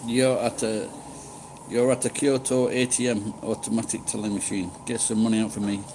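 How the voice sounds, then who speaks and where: A man's voice: lowish voice, flat delivery, moderate pace, noisy background. A middle-aged man chatting casually with live-stream viewers, rambling and swearing freely. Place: living in Japan.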